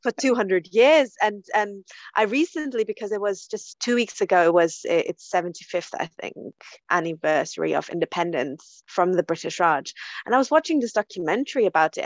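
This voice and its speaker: A woman's voice: medium pitch, dry recording. Earnest woman on a dull video call. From Germany. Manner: earnest, many restarts and repeated words. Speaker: panel guest. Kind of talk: casual group discussion.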